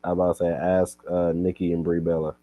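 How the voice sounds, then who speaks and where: A man's voice: low voice, level tone, a little fast, no room sound, phone-quality sound. A man co-hosting a casual podcast, laid-back, laughing along and repeating his phrases. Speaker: podcast co-host.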